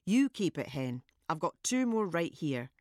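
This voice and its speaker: A woman voicing a blunt, streetwise, friendly woman in a read-aloud story; the voice is high, bright and loud. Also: sing-song, measured pace, dry recording, clean studio sound. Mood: breezy.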